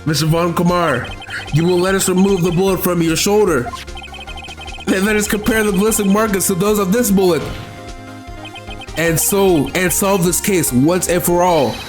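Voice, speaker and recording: Game lead: man reading a young male defense attorney, steady and pushy, music behind. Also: high-pitched, moderate pace, natural voice. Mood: pressing. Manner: pressing, confrontational.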